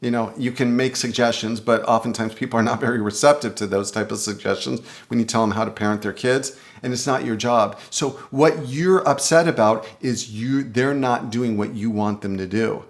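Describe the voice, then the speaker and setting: A man's voice: mid-range voice, moderate pace, hardly any pauses. A man who works as a life coach, giving casual, earnest advice to camera and often voicing the questions he asks himself. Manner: reflective, earnest, often voices inner questions aloud.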